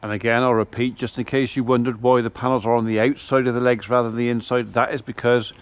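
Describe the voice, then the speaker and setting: A middle-aged man, talking casually to camera while he does his farm chores outdoors. He rambles in a relaxed, chatty way and breaks off now and then to talk to his animals. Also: mid-range voice, quick pace, dry recording. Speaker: farmer vlogger. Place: farmyard outdoors.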